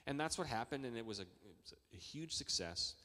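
A man preaching a sermon as pastor, talking in a conversational way that builds to excited emphasis. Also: mid-range voice, brisk. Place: church hall. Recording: long reverb of a large church hall.

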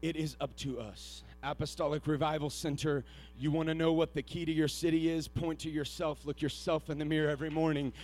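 A man with a fairly high voice delivers an earnest sermon. He tells stories quietly and haltingly with frequent restarts, then rises into loud, shouted exhortation. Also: steady tone, faint music behind. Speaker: preacher.

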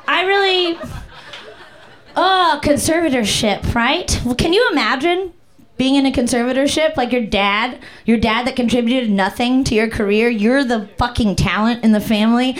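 A woman doing profane, playful crowd-work stand-up on a comedy club stage with a handheld mic. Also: on the high side. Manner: brash, profane, playful, bursts into song.

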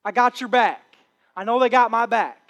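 A man's voice: very high-pitched, normal speed, fairly bright tone, lo-fi sound. A man preaching a sermon with impassioned, repetitive phrasing. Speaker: pastor.

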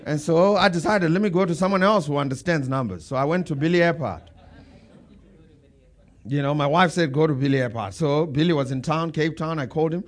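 Animated preaching man, higher-pitched voice. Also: fairly quick. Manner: storytelling, builds to emphatic bursts. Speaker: pastor. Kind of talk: sermon.

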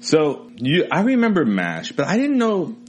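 A man's voice: on the high side, huge pitch swings, a little slow. A man hosting a podcast, chatting loosely and jokily and swearing casually. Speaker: podcast host.

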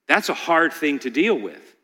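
Pastor, male, bright forceful voice, swings from hushed stories to loud pleading, long echo of a big hall. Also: fairly high pitch, sing-song, unhurried, slightly rough. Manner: rises to loud pleading peaks, drops to quiet storytelling. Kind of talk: sermon.

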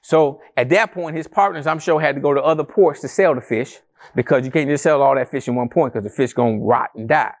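A male pastor preaching a sermon to a congregation in a church, animated and conversational, with rhetorical questions and calls to the congregation. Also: mid-range voice, brisk. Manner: addresses the congregation as family, calls for responses.

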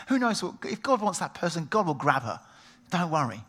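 Bright-voiced man preaching. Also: high voice, big pitch swings, a little fast, breathy edge. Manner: storytelling, acts out quoted voices. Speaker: pastor. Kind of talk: sermon.

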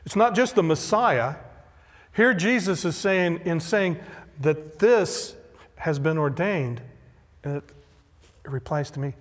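A male pastor preaching a sermon, emphatic and deliberate, repeating key phrases. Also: fairly high pitch, animated. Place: church sanctuary. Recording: long hall reverb.

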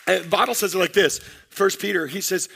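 A man preaching a sermon with a high, bright voice edged with gravel. He is a pastor who talks straight to his congregation with energetic, rousing delivery. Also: a little fast, slight background noise.

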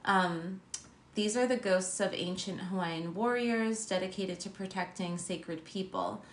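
A woman's voice: mid-range voice, unhurried, echoey room. A woman co-hosting a ghost podcast, chatting casually with many fillers and reading spooky stories aloud. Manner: laid-back, filler-heavy, giggly. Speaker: podcast co-host.

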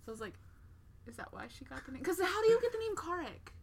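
A woman's voice: extremely high pitch, very animated, quick pace, slight background noise. A woman co-hosting a casual book chat, blunt and sarcastic, swearing freely. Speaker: podcast co-host.

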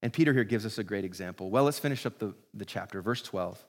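A man's voice: on the low side, quick pace. A man preaching a sermon as pastor, earnest and building to fervent praise. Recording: long hall reverb.

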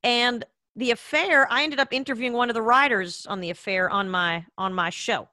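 A woman hosting a show, talking in a lively, teasing way in casual chat. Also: on the high side, normal speed, no room sound. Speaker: podcast host.

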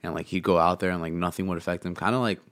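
A man's voice: deep voice, fairly even intonation, racing, fairly bright tone, no room sound. A man telling loose travel stories in casual chat, with a swollen throat and a cough drop in his mouth, swallowing close to the mic. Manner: rambling storyteller, lots of "like" and "man". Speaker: podcast guest recounting travel. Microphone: close mic picking up swallowing.

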